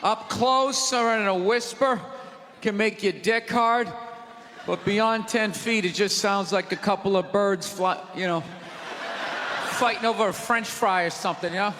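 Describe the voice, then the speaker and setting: Brief: high-voiced male stand-up comic, loud exasperated rants, live theater with crowd noise and long reverb. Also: unhurried. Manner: loud, ranting, exasperated delivery. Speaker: stand-up comedian. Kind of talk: stand-up comedy set. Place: theater stage before a live audience.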